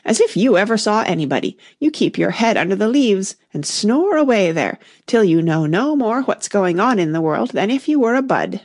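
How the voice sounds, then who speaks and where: A woman's voice: mid-range voice, sing-song, normal speed, hardly any pauses, darkish tone, no echo, studio quality. A woman reading aloud and voicing a proud, bossy talking tiger lily flower with a haughty, commanding manner.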